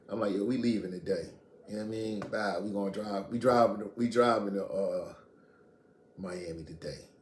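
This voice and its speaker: A middle-aged man from Queens speaks with a fairly low voice, telling a long story in blunt, profane street talk. His delivery is animated, rising and falling as he acts out arguments. The room sounds echoey, with faint noise behind him. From Queens, New York. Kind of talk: casual storytelling.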